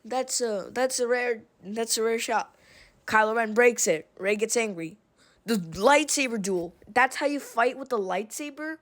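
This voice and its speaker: Woman, casual film rant; sarcastic, rambling, exasperated; unhurried delivery. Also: fairly high pitch. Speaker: video essayist.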